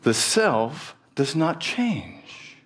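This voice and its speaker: A man doing a calm, slow-spoken sage. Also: on the high side, voice pushed up, heavily acted. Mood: calm teaching. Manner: slow, measured, softly spoken. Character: stern, earnest male spiritual teacher, calm.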